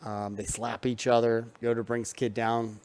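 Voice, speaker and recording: A man's voice: mid-range voice, little pitch movement, a little slow, darkish tone. Casual man recapping wrestling matches. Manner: loose, filler-heavy recap with frequent ums and restarts. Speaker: wrestling show reviewer.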